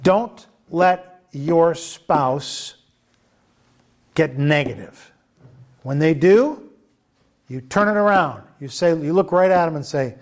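Emphatic male preacher with a higher voice. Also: takes it slowly, long pauses. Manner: emphatic, repeats phrases and asks the audience questions. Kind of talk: sermon.

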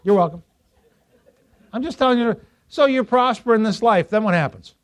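A male pastor preaching a sermon to a congregation, lively and joking with them, rising to loud emphasis. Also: high voice, moderate pace. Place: church before a congregation.

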